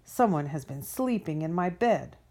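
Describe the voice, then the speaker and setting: A woman voicing a big, gruff male papa bear in a storybook reading. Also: low voice, expressive, normal speed, mellow. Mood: grumpy.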